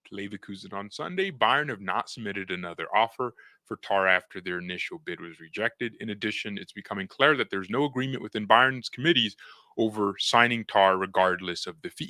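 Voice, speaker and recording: A man's voice: on the low side, fairly quick, sharp tone, no room sound. A young man hosting a fan live stream, joking in slang, talking to his chat and reading news aloud. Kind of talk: casual live-stream commentary.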